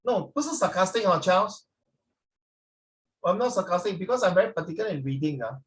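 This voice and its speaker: A man teaching a class with lively, teasing coaching. He keeps switching into Mandarin phrases. He sounds somewhat distant from the microphone. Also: high voice, a little fast.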